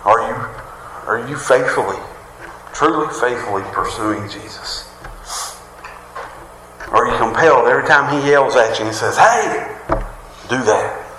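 A man's voice: medium pitch, moderate pace, long pauses, noisy background. A man preaching a sermon, folksy and conversational, full of jokes and rhetorical questions. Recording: roomy hall reverb.

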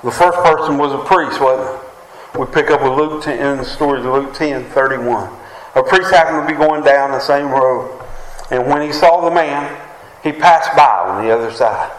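A man's voice: medium pitch, moderate pace. A man with a West Virginian accent preaching a sermon as pastor, often asking the congregation "Amen?". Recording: echoey room with faint ambience.

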